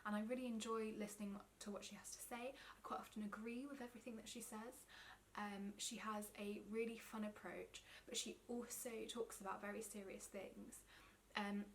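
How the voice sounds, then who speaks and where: A woman's voice: mid-range voice, fairly even intonation, moderate pace, a little hiss or hum. A young English woman chatting to camera about her favourite knitting vlogs, enthusiastic and full of ums and side notes. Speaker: knitting vlogger. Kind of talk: casual chat to camera.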